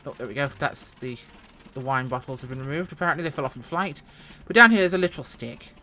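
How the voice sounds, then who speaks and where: A woman with a deep, low voice talks through her flight sim session at home in a loose, chatty way. She jokes and pokes fun at her own mistakes as she goes. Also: fast, bright, forceful tone, a little hiss or hum. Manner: chatty, joking, self-mocking. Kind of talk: casual gameplay commentary.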